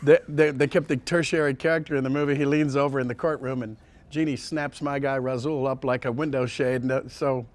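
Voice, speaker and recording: A male voice actor telling casual anecdotes in an interview, rambling with many restarts and sliding into quick impressions. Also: mid-range voice, steady tone. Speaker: voice actor guest.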